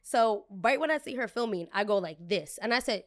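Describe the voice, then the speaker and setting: A young adult woman hosting a podcast, retelling a story in a sassy, animated, dramatic way with quick bursts. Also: fairly high pitch, no echo, studio quality. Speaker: podcast host. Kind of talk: casual storytelling.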